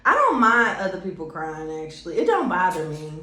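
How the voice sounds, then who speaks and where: A woman's voice: on the low side, wildly swooping pitch, a little fast, pushed and bright. Blunt, profane woman podcast host. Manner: blunt, profane, laughs readily. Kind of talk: casual chat. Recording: echoey room with faint background noise.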